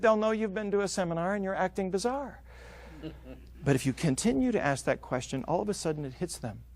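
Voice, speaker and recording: A man giving an energetic motivational talk on time management, acting out quoted voices as he goes. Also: on the high side, dry recording. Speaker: business speaker.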